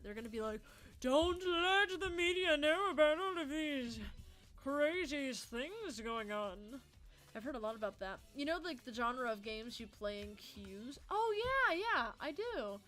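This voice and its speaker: A young woman of about eighteen talks loosely while streaming a game, answering her chat and swearing often. Her voice sits a little high. Soft music plays faintly behind her. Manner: rambling, swears freely, answers chat, quick mood swings. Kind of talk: casual livestream chat while gaming.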